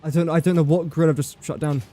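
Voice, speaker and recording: A man's voice: fairly high pitch, little pitch movement, fast talker, dark tone. A young man livestreaming a building game, chatting casually and joking at his own expense while he talks to the pieces he places. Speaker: livestreaming gamer.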